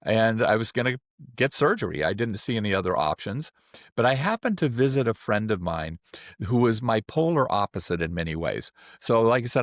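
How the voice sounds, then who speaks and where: Older man in his 70s, low-pitched, dry close sound, easygoing storyteller acting out voices. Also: dry recording. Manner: relaxed anecdotal, acting out quoted voices. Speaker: acupuncturist. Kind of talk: personal storytelling.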